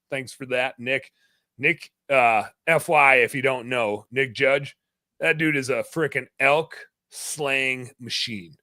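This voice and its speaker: A man's voice: medium pitch, slow, sharp tone, no room sound. A man hosting a podcast in casual chat, joking, laughing often and reading listener comments aloud. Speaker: podcast host.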